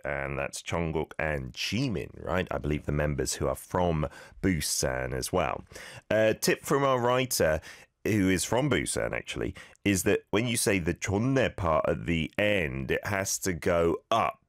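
A man's voice: extremely low pitch, gravelly, fairly bright tone, no echo, clean studio sound. A man hosting a radio show, teaching listeners Korean phrases in a chatty, friendly way and laughing along with their clips.

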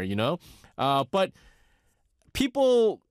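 Lively middle-aged New York radio host. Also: male voice, high-pitched, takes it slowly, long pauses, no echo, studio quality. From United States. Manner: rambling, with many fillers and restarts. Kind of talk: casual radio chat.

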